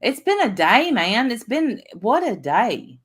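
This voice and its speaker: A woman's voice: fairly high pitch, very animated, slow. A woman hosting a casual livestream, chatting, reading out viewer names and laughing at herself. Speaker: livestream host.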